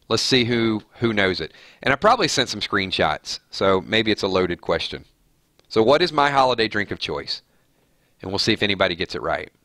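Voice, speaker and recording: A man's voice: fairly low pitch, pushed and bright, no room sound, clean studio sound. A man with a nasal voice hosting a live stream, chatting casually and reading viewer comments aloud with easy laughs.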